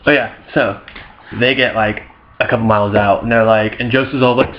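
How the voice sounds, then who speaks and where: A man's voice: on the low side, steady tone, a little fast, dull audio. A young man rambling through an off-the-cuff comic retelling of a story, full of slang and asides. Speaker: vlogger.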